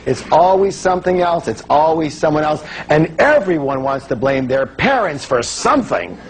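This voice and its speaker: A man giving a lively motivational seminar talk to a live audience, prompting them to call out answers and cracking playful jokes. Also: on the high side, moderate pace, background noise. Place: stage before a live audience.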